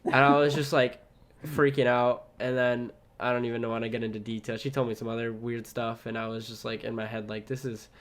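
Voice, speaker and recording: A man's voice: medium pitch, flat delivery, brisk. A young man co-hosting a podcast, telling a long story in casual chat, rambling, swearing often and laughing at himself. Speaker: podcast co-host.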